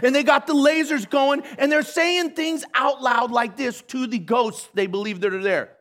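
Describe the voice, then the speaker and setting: A man's voice: very high-pitched, moderate pace, hardly any pauses, fairly bright tone. A man preaching as a pastor, telling a story animatedly, acting out the dialogue and laughing along. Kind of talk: storytelling sermon.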